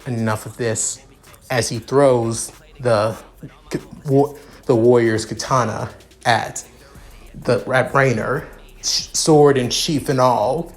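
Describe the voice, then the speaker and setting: A man reading his fan fiction aloud in a halting, repetitive way with many restarts. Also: medium pitch, steady tone.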